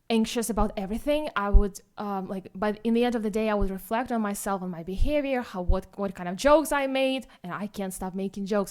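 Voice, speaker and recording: A young woman with a Ukrainian accent tells her own story at a forum, halting and self-deprecating, with many restarts. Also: mid-range voice. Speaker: guest speaker, student.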